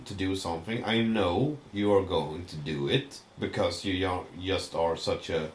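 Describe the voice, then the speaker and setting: A man co-hosting a podcast in casual chat, musing out loud and acting out quoted voices as he goes. His voice sits on the low side, and the room has a noticeable echo. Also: measured pace, hardly any pauses. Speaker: podcast co-host.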